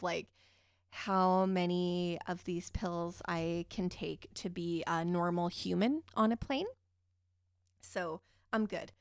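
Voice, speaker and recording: A woman podcast host telling a personal story in a casual, animated, profane and self-mocking way, often jumping in pitch and volume. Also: no room sound, clean studio sound.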